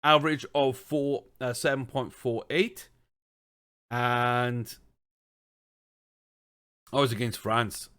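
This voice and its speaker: A man's voice: medium pitch, fairly even intonation, slow, long pauses, fairly bright tone, smooth. A man giving casual let's-play commentary on a football management game, chatty and thinking aloud, with bursts of exasperated ranting. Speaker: gaming streamer.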